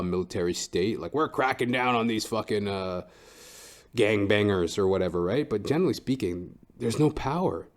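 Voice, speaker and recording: A man's voice: deep voice, dark tone. A young man hosting his own podcast, a comedian ranting in a rambling, profane, filler-heavy way. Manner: rambling, swears constantly, lots of fillers and restarts. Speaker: podcast host and stand-up comedian. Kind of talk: casual profane comedic rant.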